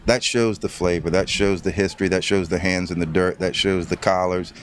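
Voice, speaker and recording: A man's voice: low voice, fairly even intonation, fairly quick, a little hiss or hum. A man hosting a casual talk, speaking in an expansive, folksy way and repeating phrases for emphasis. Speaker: host. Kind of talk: casual conversation.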